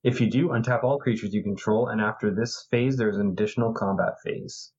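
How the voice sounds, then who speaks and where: A low-voiced man on a casual podcast reads card text in a plain, even way. His audio sounds dull and lo-fi, with a faint hiss underneath. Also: fairly quick. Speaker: podcast co-host. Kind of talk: casual group chat.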